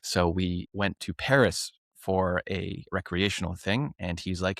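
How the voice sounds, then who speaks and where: A man's voice: low-pitched, measured pace, creaky, a bit bright, no room sound, clean studio sound. A man, a professional clown and teacher, telling a rambling story in a casual interview, laughing often and restarting his sentences.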